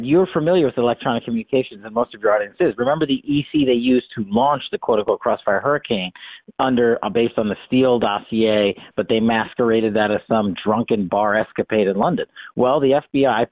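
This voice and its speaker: A man's voice: medium pitch, no echo. Man, interview guest on a dry, phone-like line; emphatic, argumentative delivery. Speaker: guest, former congressional investigator. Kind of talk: political commentary interview.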